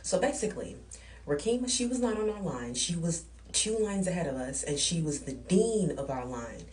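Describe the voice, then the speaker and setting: A woman's voice: fairly low pitch, expressive, moderate pace, a little mellow, recorded from a distance. A woman telling a storytime vlog, ranting in a blunt, profane and heated way. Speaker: vlogger.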